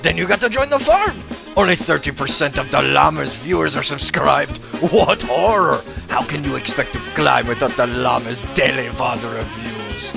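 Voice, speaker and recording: A man voicing a pompous male llama who pushes viewers to subscribe in a theatrical sales pitch. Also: animated, moderate pace, gravelly. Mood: pompous, pushy. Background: music.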